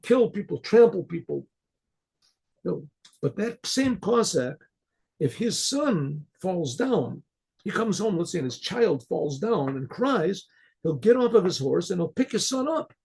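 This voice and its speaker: A man's voice: high voice, very animated, unhurried, vocal fry, darkish tone, husky, voice pushed up, full character voice. A man telling a story, voicing a humble, barely literate woman in her nineties who speaks plainly and earnestly. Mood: pleading. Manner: hesitant, earnest, plain-spoken.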